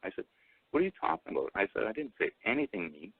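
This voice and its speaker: A man telling a rambling personal story over the phone, halting with many restarts and fillers. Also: lowish voice, very animated, slight background noise. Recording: tinny phone line, dry.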